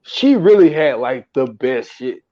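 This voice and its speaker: A man co-hosting a casual movie podcast, rambling with halting starts and bursts of laughter. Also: mid-range voice, expressive. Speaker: podcast co-host. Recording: dull lo-fi mic.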